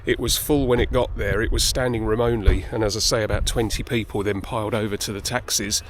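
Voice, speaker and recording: A man's voice: fairly low pitch, fairly even intonation, fairly quick, slight background noise. Slightly breathless man chatting on a mountain. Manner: chatty, self-deprecating. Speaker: hiker vlogger. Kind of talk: casual vlog chat. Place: outdoors on a busy mountain path. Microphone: handheld phone camera held close.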